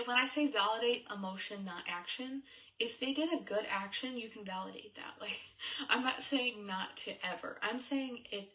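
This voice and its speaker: A woman's voice: on the high side, pushed and bright. A young woman giving a casual, chatty talk on faith and marriage as a coach, with many fillers. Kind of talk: casual teaching talk to camera. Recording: voice a bit distant from the mic.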